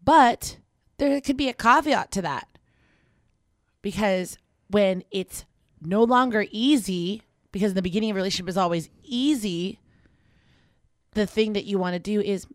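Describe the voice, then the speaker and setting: A woman's voice: mid-range voice, no room sound, clean studio sound. Young woman co-hosting campus radio. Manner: conversational, reflective, quick asides. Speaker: co-host of a college radio talk show. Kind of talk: casual advice chat.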